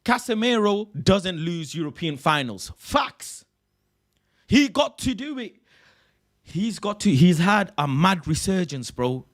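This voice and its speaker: A young man hosting a casual livestream chat, excitable and repeating himself, often ending phrases with "bro". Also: high voice, slow. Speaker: livestream host.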